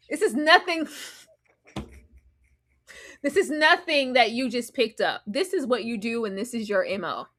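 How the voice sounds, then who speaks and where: Sassy woman with a slightly high voice. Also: measured pace, pauses often. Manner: animated, sassy, mocking voices of cast members. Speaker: reality TV commentator. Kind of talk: live show recap commentary.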